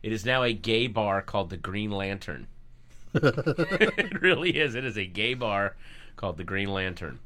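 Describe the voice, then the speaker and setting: A man in his thirties from the suburbs of Washington DC, a guest comedian telling stories in casual radio talk-show chat, animated and laughing as he talks, in a radio studio. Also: on the low side, a little slow, a little hiss or hum. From Virginia suburbs of Washington DC, USA. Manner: animated storyteller, laughs while talking.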